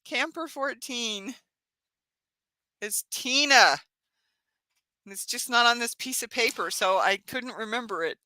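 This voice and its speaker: A tearful woman talks on a live stream from her yarn craft channel, her voice high and bright. She speaks haltingly, with many sighs and apologies. The sound is dry and close. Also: expressive, no echo. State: tearful, crying.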